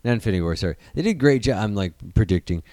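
A man's voice: on the low side, rapid-fire, no echo. Profane, rambling man in casual chat. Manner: rambling, profane, animated, jumps into mock voices.

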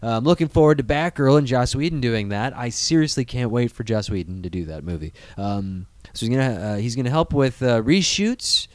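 Crisp, dry-voiced male podcast host. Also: mid-range voice, lively intonation, fairly quick, hardly any pauses, a little mellow, dry recording. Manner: crude and jokey, lots of fillers. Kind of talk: casual chat and reading news.

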